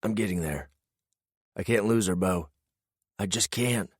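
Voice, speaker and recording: Resolute adult man, low and steady, voiced by the narrator. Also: measured pace, no echo, clean studio sound. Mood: earnest. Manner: firm, earnest. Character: determined grown man, protective older brother figure.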